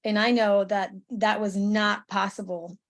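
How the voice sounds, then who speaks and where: A woman's voice: medium pitch, flat delivery, unhurried. A woman in her thirties, a veteran on a panel, telling her story casually over a video call, with many fillers and restarts.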